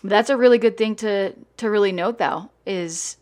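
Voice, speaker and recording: A woman's voice: mid-range voice, normal speed, darkish tone. A woman hosting a casual chat, talking bluntly and with emphasis, swearing freely. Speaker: salon owner and host.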